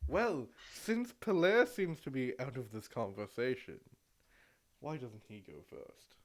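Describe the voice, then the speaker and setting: Brief: casual male game master, lively pitch swings, swears freely. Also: unhurried. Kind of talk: narrating a tabletop game.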